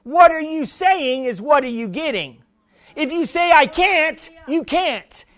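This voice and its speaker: A man's voice: very high-pitched, animated, a little slow. A man preaching an emphatic sermon, often repeating words as he builds. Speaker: pastor.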